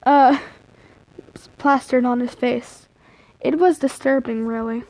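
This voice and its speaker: Brief: young woman, high voice, slow casual story reading, chatty and distractible. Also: steady tone, a little mellow, no room sound, rough recording. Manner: chatty, easily distracted, breaks off to joke. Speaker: livestreamer reading fan fiction.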